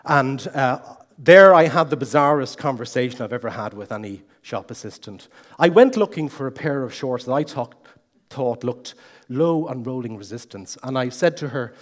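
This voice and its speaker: A middle-aged man giving a humorous competition speech, an animated, self-mocking storyteller, in a large hall. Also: medium pitch, normal speed. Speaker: contest speaker. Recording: long hall reverb.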